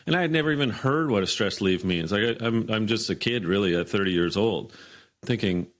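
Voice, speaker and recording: A man in his fifties, a podcast guest, telling a workplace story in a lively way and acting out the dialogue. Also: on the low side, fairly quick. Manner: animated storyteller, acts out quoted dialogue. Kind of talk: storytelling in an interview.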